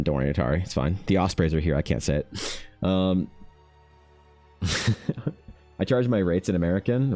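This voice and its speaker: This artist, a young Canadian guy, draws on stream while chatting loosely with viewers, drifting between topics, cursing, and laughing along. His voice is on the low side with a dark tone.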